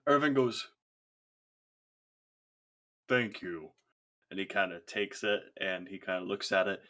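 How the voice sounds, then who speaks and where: A man's voice: low-pitched, fairly quick, fairly bright tone. A man running a tabletop game as game master, narrating in an easygoing way with frequent laughs and fillers.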